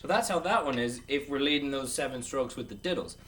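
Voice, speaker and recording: A man teaches drums in a loose, jokey way and counts beats aloud. He sounds set back from the microphone, and a clear hiss of background noise runs under his voice. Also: mid-range voice, fairly quick, recorded from a distance. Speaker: drum teacher. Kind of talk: casual video lesson.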